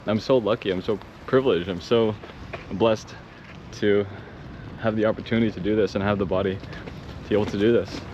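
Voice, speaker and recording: A man vlogging while traveling, casual and excitable, rambling and swearing. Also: lowish voice, fairly quick, pauses often. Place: outdoors and in temples while traveling. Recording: dull lo-fi audio with clear background noise.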